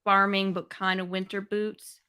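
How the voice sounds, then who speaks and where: A woman's voice: medium pitch, little pitch movement, unhurried, sharp tone, clear, resonant tone. Scattered woman greeting live viewers. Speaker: podcast co-host. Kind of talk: casual livestream chat.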